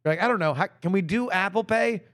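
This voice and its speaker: A man co-hosting a comedy podcast, chatting casually, rambling and stammering, and quick to laugh. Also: high voice, a bit bright. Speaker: podcast co-host.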